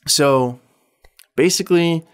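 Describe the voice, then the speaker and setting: A man's voice: a little high, takes it slowly, smooth. Rambling, profane male podcast host. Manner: rambling, profane retelling full of "like". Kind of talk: casual chat.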